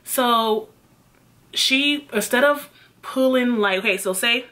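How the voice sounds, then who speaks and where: A young woman vlogger retelling a personal story in an animated, emphatic way, swearing often. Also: on the high side, takes it slowly. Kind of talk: storytime vlog.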